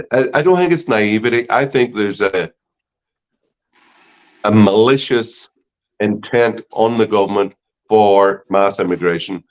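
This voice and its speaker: A man's voice: on the low side, lo-fi sound. A man giving his political opinion in an earnest, indignant way.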